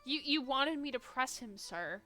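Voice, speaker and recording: A woman's voice: sits high, lively intonation, moderate pace, bright, forceful tone, soft background music. A woman on a casual live game stream who reacts with jokes, laughs often and reads lines aloud. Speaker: streamer reading game dialogue.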